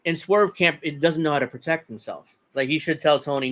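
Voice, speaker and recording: A man's voice: on the high side, brisk, a bit bright. Opinionated man chatting casually. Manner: opinionated, rambling, chuckles often. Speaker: podcast host. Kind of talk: casual wrestling chat.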